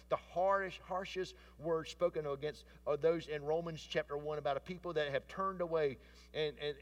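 A man preaching a sermon, rising to emphatic declarations and then dropping to hushed tones. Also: on the high side, recorded from a distance.

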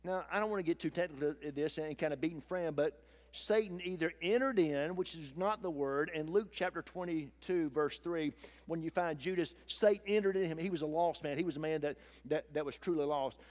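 A man's voice: fairly high pitch, fairly quick. Folksy man preaching a sermon. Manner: folksy, animated preaching with acted-out quotes. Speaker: pastor.

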